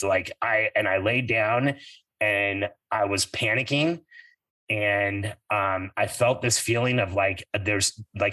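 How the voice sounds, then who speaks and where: A man's voice: fairly low pitch, steady tone, a little slow, fairly bright tone, no echo, far from the mic, poor audio. A middle-aged man hosting a podcast, telling a personal story in an earnest, reflective way that turns a little emotional. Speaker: podcast host.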